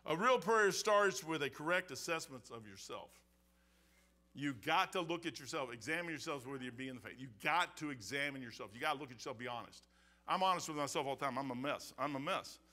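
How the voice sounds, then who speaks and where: Folksy older preacher, bright high voice. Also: male voice, animated, brisk. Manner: folksy, rambling preaching with repeated "man" and restarts. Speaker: pastor. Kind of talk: sermon. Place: church sanctuary.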